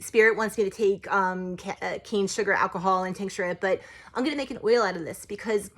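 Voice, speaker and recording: A woman who practices witchcraft, talking in a casual, rambling vlog style, full of "like" and "you know" and quick to get emotional. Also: medium pitch, fairly bright tone. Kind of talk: casual spiritual vlog talk.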